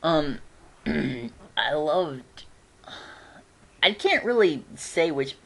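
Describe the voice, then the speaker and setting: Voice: mid-range voice, sing-song, extremely slow, vocal fry. A fan reviewer chatting casually at home, rambling with frequent giggles and restarts.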